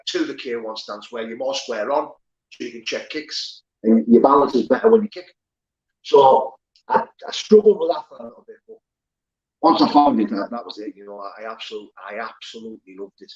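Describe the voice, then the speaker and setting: A man's voice: medium pitch, animated, brisk, muffled recording. A man, candidly telling his life story as an interview guest, swearing and rambling with many fillers. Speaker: guest, former prisoner turned pro fighter.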